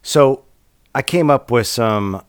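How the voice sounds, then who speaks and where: A man's voice: medium pitch, slow, clean tone, no room sound. A middle-aged man from Minnesota in casual podcast chat, plainspoken with a dry sense of humor. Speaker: podcast co-host. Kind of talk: casual conversation.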